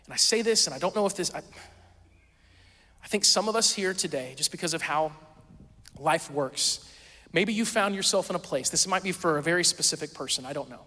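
A man's voice: fairly high pitch, expressive, a little fast, long pauses, sharp tone, big-room sound. A male pastor preaching a sermon in a conversational, storytelling way, acting out quoted voices.

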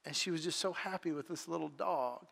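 A man with a notably high voice delivers an earnest, heartfelt sermon and tells personal stories as he builds in intensity. His words ring out with a long reverb, the way sound carries in a large church hall. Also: a little fast, creaky, a bit bright. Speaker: pastor.

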